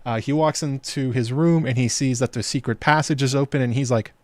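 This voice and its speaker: A man's voice: mid-range voice, a little fast, no room sound. A man hosting a TV episode breakdown in casual commentary, chatty and sarcastic, laughing at the scenes. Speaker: host of a TV episode breakdown channel.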